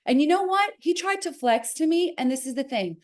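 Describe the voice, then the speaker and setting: A woman in her forties with a New Jersey accent tells a story as an interview guest. Her voice sits a little high, and she acts out every quoted line with lively shifts. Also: brisk. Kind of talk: animated storytelling.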